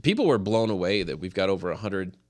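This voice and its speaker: Man from Colorado, podcast co-host, lively, swinging delivery, laughs a lot. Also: deep voice, fast. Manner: animated storyteller, laughs often. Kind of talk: casual chat.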